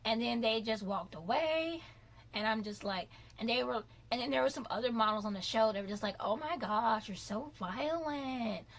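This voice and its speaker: A young adult woman vlogger giving opinionated commentary in an animated, ranting way, stretching words out for emphasis. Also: fairly high pitch, a little fast.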